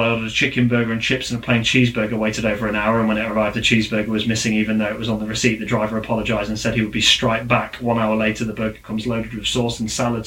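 A man's voice: lowish voice, steady tone, bright, forceful tone, roomy sound, poor audio. A man hosting a podcast, bantering, swearing and reading out news stories in casual chat. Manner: banter, swearing, quick asides. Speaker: podcast host.

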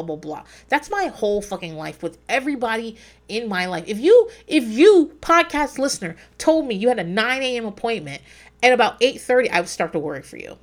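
Blunt, swearing woman podcast host. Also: medium pitch. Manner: blunt, profane, animated storytelling. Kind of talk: casual podcast commentary.

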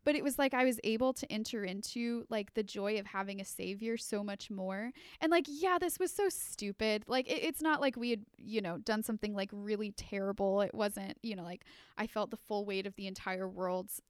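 A young adult woman co-hosting a podcast, telling a story in casual chat, animated and full of fillers, laughing as she goes. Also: medium pitch, moderate pace, hardly any pauses, clean tone, dry recording, clean studio sound. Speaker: podcast co-host.

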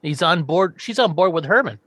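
A man's voice: fairly high pitch, lively intonation, fairly quick, sharp tone, breathy edge, no echo, studio quality. A man casually recapping a TV episode on a podcast, quoting the characters and laughing often. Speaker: podcast host.

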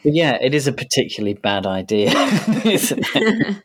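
A man's voice: mid-range voice, huge pitch swings, moderate pace. A man in casual podcast chat who rambles, restarts often and laughs as he talks. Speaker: podcast co-host.

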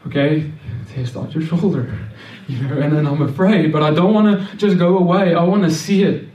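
A man's voice: fairly high pitch, steady tone, a little fast, darkish tone, lo-fi sound, slight background noise. A man giving a personal faith testimony, earnest and storytelling, often restarting and repeating words. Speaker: speaker sharing a testimony. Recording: roomy echo, mic at a distance.

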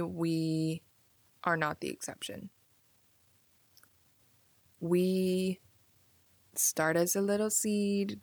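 Slow, low-voiced woman musing on a podcast. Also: dry recording. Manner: casual, musing, filler-heavy with frequent "like". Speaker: podcast host. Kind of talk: reflective solo podcast monologue.

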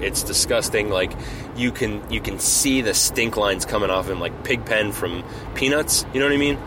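Brief: male podcast host, casual and rambling, lowish voice, audible background noise. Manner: rambling, lots of fillers and restarts, playful. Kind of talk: casual comedic storytelling. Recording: noisy home recording.

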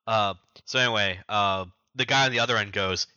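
A podcast co-host, a man with a lowish, bright voice, quickly recaps story events in casual chat and acts out the characters' lines with forceful energy. His tone is clean, though the dry recording sounds dull.

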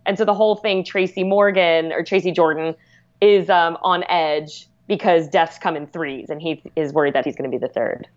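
Woman, casual rambling chat, low-ish pitch, dull lo-fi mic. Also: fairly even intonation, moderate pace. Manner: enthusiastic, rambling recaps. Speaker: podcast guest.

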